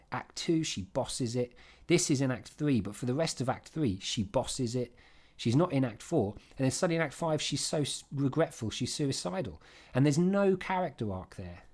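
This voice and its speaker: A man giving an informal, emphatic revision lesson on a play, with quick asides and restarts. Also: mid-range voice, darkish tone. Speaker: English literature teacher.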